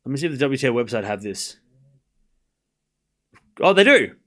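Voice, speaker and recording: A man's voice: medium pitch, very animated, a bit bright. A man hosting a live tennis watchalong, calling the score and chatting casually with his viewers. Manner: chatty, talks straight to his live chat, with quick asides and restarts.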